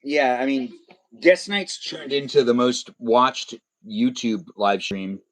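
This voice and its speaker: A man's voice: mid-range voice, takes it slowly. A man hosting a live stream, chatting casually and teasing his guests and chat.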